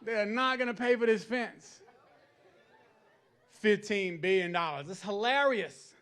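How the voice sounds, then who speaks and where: Male stand-up comic with a high voice, chatty and working the crowd on stage. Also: measured pace, a bit bright, clear, resonant tone. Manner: chatty, asks the crowd for agreement. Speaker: stand-up comedian. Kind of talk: stand-up comedy set. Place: stage at a live comedy event.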